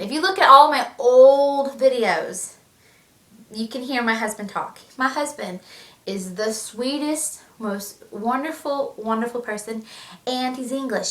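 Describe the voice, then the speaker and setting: A woman's voice: a little high, a bit bright. A young pregnant woman chatting animatedly in a casual vlog, laughing often. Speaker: vlogger. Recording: echoey room, mic at a distance.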